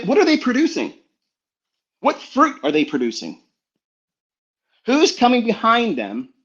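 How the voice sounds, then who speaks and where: A middle-aged man giving a blunt, profane motivational lecture full of rhetorical questions, on a dull recording. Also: sits high. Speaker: trading mentor. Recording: dull lo-fi sound.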